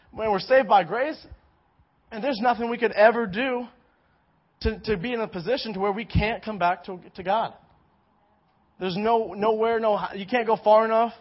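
High-voiced young man preaching casually. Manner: animated, storytelling, many restarts. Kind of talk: casual sermon with personal story. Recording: dull lo-fi recording.

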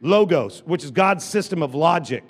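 A man's voice: fairly high pitch, lively intonation, normal speed, breathy edge, in a large hall. A man preaching a sermon from the pulpit, leading call-and-response with the congregation, repeating phrases and restarting sentences. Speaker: pastor. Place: church sanctuary with congregation.

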